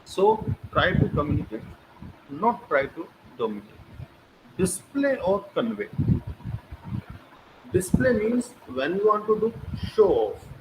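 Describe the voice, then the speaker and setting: A man's voice: high-pitched, very animated, slow, long pauses. A man with an Indian English accent giving an online lecture as a teacher, emphatic, posing rhetorical questions and repeating key phrases. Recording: noisy recording with clicks.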